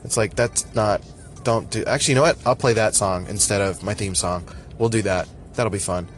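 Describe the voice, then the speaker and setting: A man's voice: lowish voice, moderate pace, slight background noise. A man hosting a casual podcast, talking while he drives, in a scattered, joking, self-deprecating way. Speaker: podcast host. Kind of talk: casual rambling monologue. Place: in a car in traffic.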